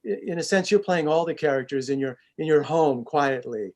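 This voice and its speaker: A man's voice: on the high side, brisk, a little mellow. A man, a stage actor, chatting in an interview over a video call, self-deprecating and full of restarts. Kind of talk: casual interview chat.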